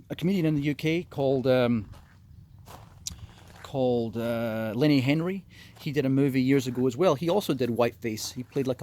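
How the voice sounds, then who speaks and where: A man's voice: medium pitch, darkish tone. Ranting, profane man on a podcast. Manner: ranting, profane, halting with many restarts. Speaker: podcast host. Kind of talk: opinionated solo podcast monologue.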